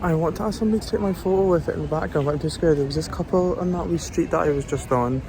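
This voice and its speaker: A man's voice: fairly high pitch, creaky, noisy background. A young man, rambling casually with lots of fillers as he vlogs his trip, filming himself on a phone outdoors. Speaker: vlogger. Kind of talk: casual travel vlog talk.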